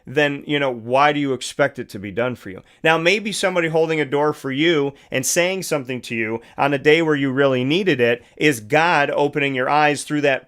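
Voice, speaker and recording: A man's voice: on the high side, a bit bright, clean tone. A middle-aged man with a Central New York accent, hosting a radio show and giving an earnest, conversational motivational talk that leans on repeated phrases. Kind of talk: motivational monologue.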